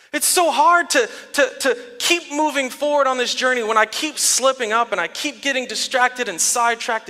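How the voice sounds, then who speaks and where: A man in his thirties, a pastor giving a sermon in a relaxed storytelling way, laughing often. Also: very high-pitched. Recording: long reverb of a large hall.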